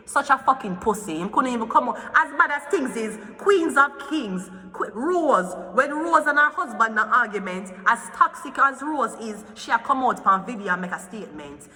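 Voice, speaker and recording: Heated woman, tarot reader, profane rant, bright tone, echoey room. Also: on the high side. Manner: profane, heated, swearing often. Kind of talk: ranting gossip commentary.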